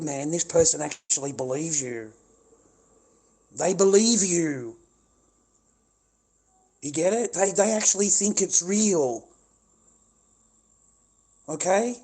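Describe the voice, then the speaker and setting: A man's voice: high-pitched, a little mellow. A middle-aged man ranting angrily on a livestream, swearing and repeating himself. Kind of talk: angry livestream rant.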